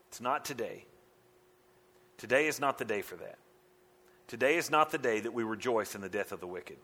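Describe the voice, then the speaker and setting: Bright, impassioned male preacher. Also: mid-range voice. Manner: swings from hushed to loud and impassioned, rhetorical questions. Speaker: pastor. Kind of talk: expository sermon.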